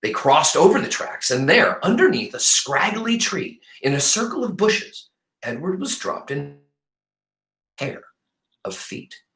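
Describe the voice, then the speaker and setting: A male teacher reading a novel aloud to his class in an expressive, animated way. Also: fairly high pitch, a little slow, roomy sound.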